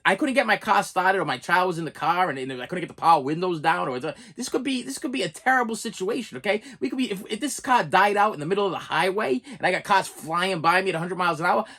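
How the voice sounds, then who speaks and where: Husky man ranting with stammers. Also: sits high, animated, fast, few pauses, bright, forceful tone. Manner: exasperated, stammering with repeated words. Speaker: YouTube reviewer. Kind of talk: ranting vlog.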